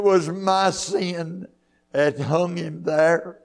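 A man preaching a church sermon, fervent, rising to loud high peaks and throwing in hallelujahs. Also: takes it slowly. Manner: punctuates with hallelujahs and amens. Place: church sanctuary.

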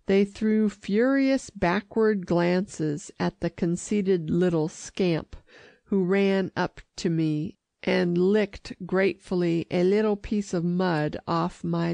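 A woman narrating an audiobook in a measured, even storytelling manner. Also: lowish voice, creaky, dry recording. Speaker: audiobook reader.

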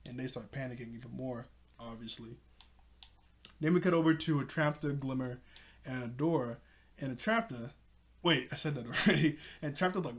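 A man's voice: medium pitch, normal speed. A man recapping a cartoon episode in a loose, rambling way, full of fillers like "like" and "you know", often chuckling. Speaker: TV show reviewer.

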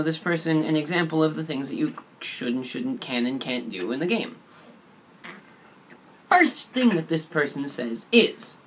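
A man's voice: fairly high pitch, a bit bright, slight background noise. Rambling, swearing storyteller guy. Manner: rambling and profane, with many fillers. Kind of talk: casual storytelling of a tabletop game.

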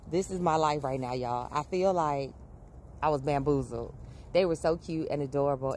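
A woman's voice: low-pitched, a little mellow, a little hiss or hum. A woman vlogging outdoors in her backyard early in the morning, chatting casually to camera, laughing often and breaking off to call and scold her dogs. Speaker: vlogger and dog owner.

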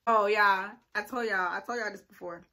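A woman chatting casually to her viewers in a reaction vlog, animated and swinging into low muttered asides. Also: normal speed, over loud music. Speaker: vlogger.

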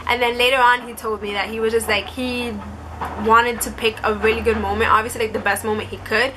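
A woman's voice: on the high side, level tone, background noise. A young woman vlogger telling a personal story to camera in a casual, chatty way, full of "like" fillers. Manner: chatty, many "like" fillers, quotes others in quick asides.

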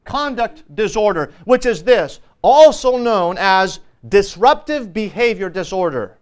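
Man, pastor, church teaching, earnest, emphatic, high voice, crisp tone. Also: animated, measured pace. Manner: earnest, emphatic, with frequent fillers. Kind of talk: Sunday school teaching.

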